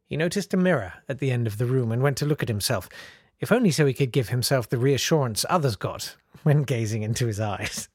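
Casting: podcast host, comic reading, dry close sound. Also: male voice, mid-range voice, animated, fairly quick, slightly rough, no echo. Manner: breaks off into jokey asides.

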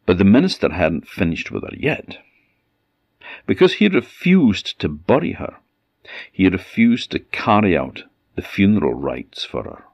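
Male folk-tale narrator, slow and solemn, dry close sound. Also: deep voice, breathy edge, no room sound, lo-fi sound. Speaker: storyteller.

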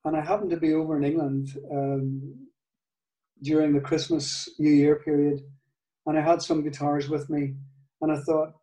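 An older man with a Northern Irish accent, telling a story in an interview, halting, with many restarts and soft laughs. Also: on the high side, flat delivery, distant mic. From Northern Ireland. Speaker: guitar maker, guest. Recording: echoey room, off-mic.

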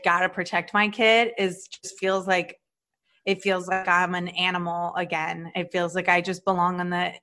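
A woman in her thirties, a stand-up comedian co-hosting a podcast, chatting casually with animated storytelling, swearing freely and acting out quoted voices. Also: fairly low pitch. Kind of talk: casual chat.

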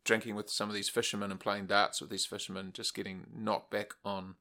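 A man from New Zealand co-hosting a podcast, telling stories in a relaxed way and laughing often. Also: on the low side, brisk. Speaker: podcast co-host. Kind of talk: casual chat.

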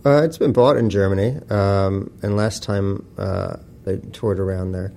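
Author guest, male, gravelly and mellow, blunt profane storyteller with a faint hum behind. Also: sits low, steady tone, unhurried. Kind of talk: casual interview talk.

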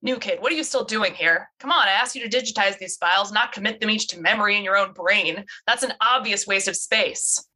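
A woman's voice: mid-range voice, a little fast, hardly any pauses, bright, forceful tone, husky, poor audio. A woman reading the lines of a smug young male medical examiner, with mocking, breezy banter. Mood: teasing.

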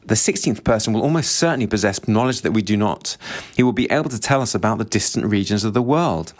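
A man reading the lines of an earnest, gentle young male scholar during a book discussion. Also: fairly low pitch, animated, quick pace. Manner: eager, formal wording.

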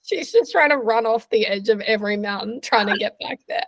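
A woman's voice: a little high, a little fast. Chatty woman podcast co-host. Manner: chatty, upbeat storytelling. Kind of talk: casual chat.

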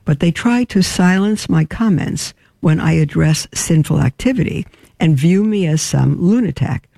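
Gravelly-voiced nun hosting a talk show. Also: female voice, low voice, warm tone, dry recording. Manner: earnest, halting, frank. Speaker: religious sister hosting a call-in show. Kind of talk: casual talk-show commentary on listener emails.

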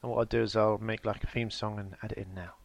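A man's voice: on the low side, level tone, quick pace, gravelly, dull audio. A man co-hosting a podcast, chatting casually with punning, teasing banter. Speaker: podcast co-host. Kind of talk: casual chat.

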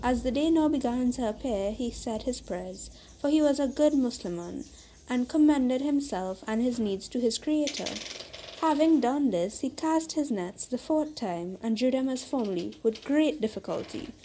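A woman hosting a podcast, reading a fairytale aloud in a measured, unhurried storybook manner. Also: on the high side, animated, dark tone, slight background noise, rough recording.

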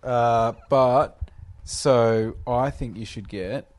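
A young man, a podcast guest telling stories in a laughing, animated way. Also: mid-range voice, very slow, a little hiss or hum. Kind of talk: casual chat.

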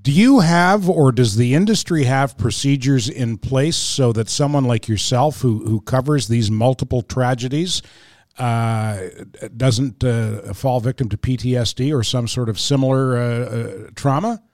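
A man co-hosting a podcast asks a guest careful, probing questions at a measured pace. The sound is dry and close, with no room around it. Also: medium pitch, a little mellow, dry recording. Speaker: podcast co-host. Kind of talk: interview questions.

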